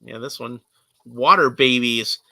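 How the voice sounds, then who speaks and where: A man chatting casually, rambling and laughing a lot between thoughts. His voice is very bright and a little tense. It sounds dry and close, with almost no room echo. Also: medium pitch, a little slow, vocal fry. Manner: rambling, laughs often, many fillers and restarts. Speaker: guest, artist and toy collector. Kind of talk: casual chat.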